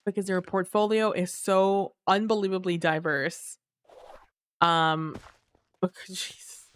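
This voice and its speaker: A woman streaming a game live, chatting casually with her viewers while she plays, sleepy and relaxed. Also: on the low side, a little slow, smooth. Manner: relaxed, chatty, muses aloud to chat. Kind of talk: casual live gameplay chat.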